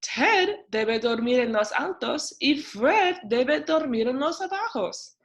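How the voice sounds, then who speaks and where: A woman's voice: high-pitched, expressive, a little slow, pitched above the performer's own voice. A woman voicing a chirpy, helpful little bird in a bilingual storybook read-aloud. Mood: eager.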